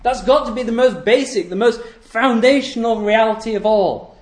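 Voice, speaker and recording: A man's voice: very high voice, normal speed, hardly any pauses. A man preaching a sermon to a congregation, asking rhetorical questions and repeating key phrases for emphasis. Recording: echoey room.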